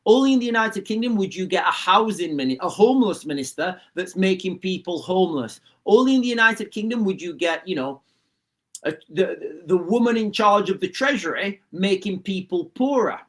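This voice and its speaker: Man, forties, high voice, livestream host, casual political commentary, repeats himself, says guys a lot. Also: expressive, normal speed. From Rotherham, England. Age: 40s.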